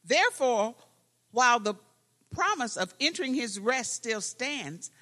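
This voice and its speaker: A reader reading scripture aloud in a church, slow and measured. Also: medium pitch, big pitch swings, bright, forceful tone. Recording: long hall reverb.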